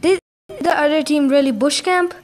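A woman giving casual gameplay commentary, reacting excitably with quick exclamations. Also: sits high, soft background music.

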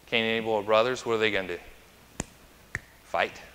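Bright-voiced male pastor in reverberant church. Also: lowish voice, fairly even intonation, fairly quick, a little hiss or hum. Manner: chatty and anecdotal, asking the congregation questions. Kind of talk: conversational sermon. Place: church sanctuary.

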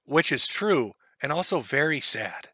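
A man's voice: fairly high pitch, sing-song, unhurried, pushed and bright, slightly rough, no room sound. A male streamer host giving crude, sarcastic commentary on clips, laughing at them.

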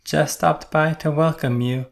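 A man's voice: on the high side, steady tone, unhurried, gravelly, voice pushed up. Little Blue, a man doing a cheery little truck. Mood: cheerful. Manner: sunny and welcoming.

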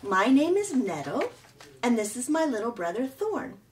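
A woman's voice: a little high, sing-song, moderate pace, far from the mic, a little hiss or hum, voice pushed up. A woman reading aloud, voicing a sarcastic, bossy young female bear with a sneering, mocking manner.

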